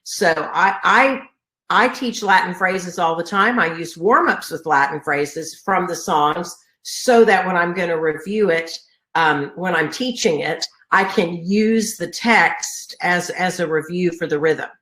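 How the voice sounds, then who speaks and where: A woman's voice: on the low side, unhurried, a bit bright. A middle-aged woman, congested from a sinus infection, giving an earnest conference talk on teaching choir, full of fillers and restarts. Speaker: choral music educator. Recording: echoey room recording.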